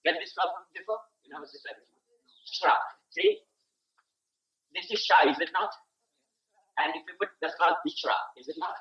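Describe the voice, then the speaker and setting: An older man with an Indian English accent teaching Sanskrit syllables in class, repeating each sound and checking that students follow. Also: high voice. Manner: slow, repeats each syllable, asks "see?". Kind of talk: classroom lesson. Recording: dull lo-fi 1980s tape.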